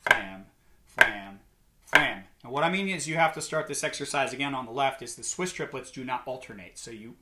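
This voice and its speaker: A drum instructor, a man with a medium-pitched voice, teaches a lesson at a quick clip with hardly any pauses. He explains rudiments and loudly calls out their names and the counts as he plays, with heavy noise and loud drumming behind his voice.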